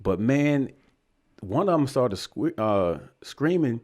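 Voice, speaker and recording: In a mid-range voice, a young podcast co-host from Virginia takes his time telling a story in casual chat. He's animated and performs the voices of the people he quotes.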